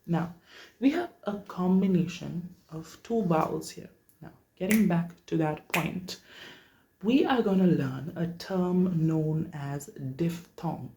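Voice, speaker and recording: A vocal coach teaching vowels in a workshop, checking in with listeners often. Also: mellow. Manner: checks in often, demonstrates vowels at high pitch. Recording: echoey room.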